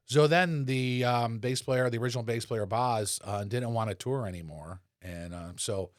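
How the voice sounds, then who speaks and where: A man in his sixties, a podcast guest and former rock bassist, telling relaxed, rambling anecdotes with lots of fillers. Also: normal speed, no echo, studio quality. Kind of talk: casual conversational storytelling.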